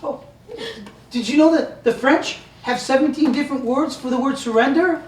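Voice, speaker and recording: A woman's voice: high-pitched, normal speed, a little mellow, slight background noise, natural voice. A woman playing an eager patient who keeps reciting trivia, chirpy, in a stage comedy. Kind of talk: community theater comedy. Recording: echoey stage from far off.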